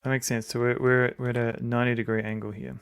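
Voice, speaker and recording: A man talks his way through a computer game as he plays, thinking aloud in a hesitant way with restarts. His voice has a gravelly, creaky texture and sounds dry and close to the mic. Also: medium pitch, flat delivery, quick pace, dry recording. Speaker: streamer playing a game. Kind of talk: casual gameplay commentary.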